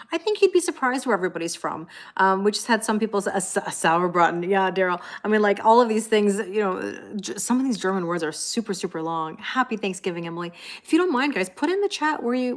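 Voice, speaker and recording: A woman's voice: mid-range voice, expressive, moderate pace. A woman, a tarot reader chatting casually on a live stream, laughing often and reading viewer comments aloud. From Canada.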